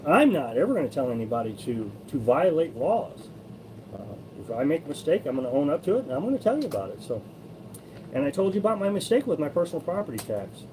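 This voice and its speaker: A man from Missouri with a notably high-pitched voice talks casually on a live stream, reading out and answering comments from viewers. He rambles, stops and restarts his sentences, and shares his opinions freely. A faint layer of background noise sits under his voice. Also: dark tone, poor audio. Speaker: host of a live-streamed RV living channel.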